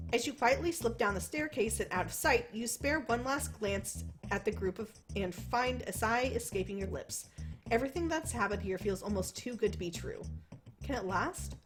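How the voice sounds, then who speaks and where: A young woman with a fairly high voice reads a game's story text aloud, then slips into loose, rambling commentary full of swearing. Faint game music plays underneath. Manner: animated, swears freely, rambles. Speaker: let's play host. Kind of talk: reading a visual novel aloud with commentary.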